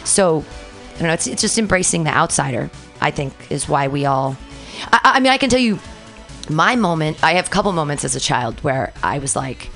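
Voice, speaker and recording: A woman comedian talking in a casual podcast chat, loud and effusive as she tells stories. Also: low voice, fairly quick, soft background music. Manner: effusive, animated, loud storytelling. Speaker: comedian guest.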